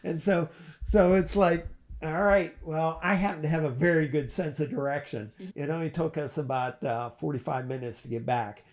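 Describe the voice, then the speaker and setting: Slow-spoken older man telling stories. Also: a little high, fairly even intonation, darkish tone. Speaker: guest. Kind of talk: casual storytelling.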